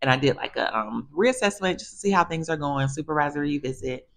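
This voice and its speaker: A woman physical therapist telling stories in a chatty, animated way, addressing viewers casually. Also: low voice, a little fast. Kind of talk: casual storytelling monologue.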